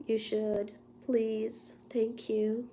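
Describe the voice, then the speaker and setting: Congested woman chatting slowly on a livestream. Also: a little high, flat delivery, mellow, slight background noise. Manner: chatty, laughs at herself, coughs between lines. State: congested with a cold. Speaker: livestream host. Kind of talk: casual livestream chat.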